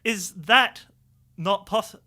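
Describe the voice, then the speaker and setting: A young man co-hosting a student radio chat show, chatty and quick to back up his co-host. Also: high voice, sharp tone.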